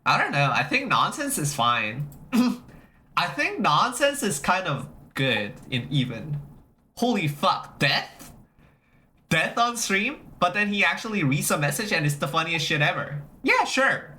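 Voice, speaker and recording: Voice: medium pitch, a little slow. A livestreamer in casual chat, rambling and repeating phrases, swearing freely and greeting viewers as they arrive. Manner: animated, reacting to chat.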